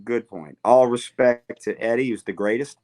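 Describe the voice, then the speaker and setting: Male interview guest, animated storyteller, mid-pitched voice, acts out the quotes, casual podcast chat. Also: moderate pace. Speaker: guitarist guest.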